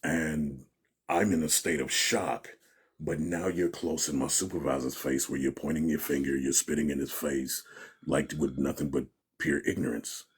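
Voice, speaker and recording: A man's voice: extremely low pitch, moderate pace, breathy edge. A man giving an interview, telling a story in a casual way and acting out what people said. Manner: animated storyteller, acts out quotes, laughs often. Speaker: interview guest.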